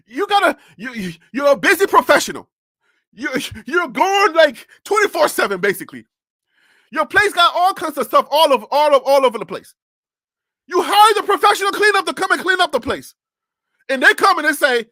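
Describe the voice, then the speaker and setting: Speaking into a desk USB mic on a live stream, this sports talk host rants with animation, repeats phrases and throws out rhetorical questions. The voice is high-pitched with big pitch swings and a sharp tone, moving at normal speed but with long pauses. The recording is studio quality, with no room sound.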